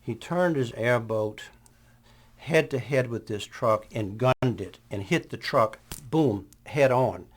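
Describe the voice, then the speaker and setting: A man calmly retelling events in a documentary interview. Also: mid-range voice. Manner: measured retelling.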